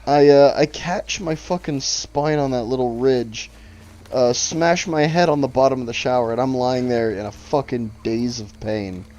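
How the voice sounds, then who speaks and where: A man's voice: mid-range voice, normal speed, a little mellow. A man streaming a game, telling a long story in a casual, profane, rambling way over his mic. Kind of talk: casual gaming chat.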